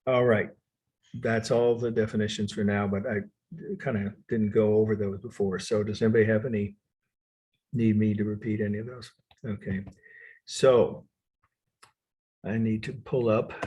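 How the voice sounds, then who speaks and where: A man lecturing on art history over a video call, repeating definitions slowly and correcting himself. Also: on the low side, a little mellow, breathy edge. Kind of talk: online lecture. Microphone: computer mic on video call.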